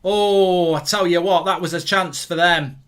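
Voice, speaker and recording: Young guy, livestream football reactor, slightly high, punchy voice, yells at the game. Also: unhurried, clean tone. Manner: excitable, shouts at the match, reads chat aloud. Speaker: football watchalong host. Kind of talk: live football reaction stream.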